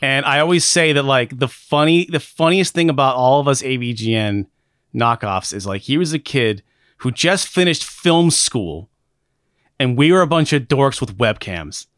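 A man's voice: mid-range voice, lively intonation, moderate pace, a bit bright, no echo, studio quality. Rambling, profane man chatting on a podcast. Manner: rambling, profane, self-deprecating, with many restarts. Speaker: podcast co-host. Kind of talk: casual chat.

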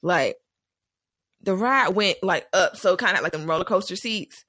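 A young woman in casual chat, telling animated stories and laughing often. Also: lowish voice, normal speed, no room sound, clean studio sound.

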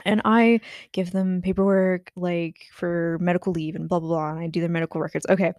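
A woman's voice: on the low side, flat delivery, darkish tone, no room sound, clean studio sound. A young woman co-hosting a casual chat, teasing her friend and laughing easily. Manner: playful teasing, quick laughs. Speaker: podcast co-host.

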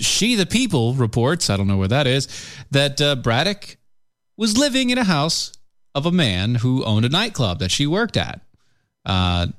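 A man co-hosting a casual talk show, reading news aloud with wry, deadpan comments and frequent stumbles. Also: mid-range voice, smooth. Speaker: podcast co-host.

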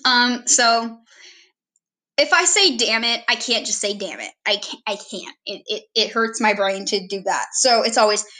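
A woman's voice: a little high, unhurried, sharp tone. A woman giving a casual, rambling self-introduction on her vlog, often correcting herself mid-sentence.

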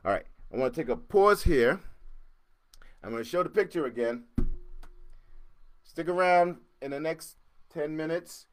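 Animated man hosting a podcast. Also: a little high, unhurried, pauses often. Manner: animated, repeats words and acts out sounds. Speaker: podcast host. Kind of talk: casual storytelling monologue.

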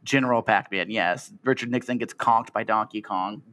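A man's voice: fairly low pitch, moderate pace, a bit bright. A man co-hosting a podcast in casual chat, giggly and rambling with lots of fillers. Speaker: podcast co-host.

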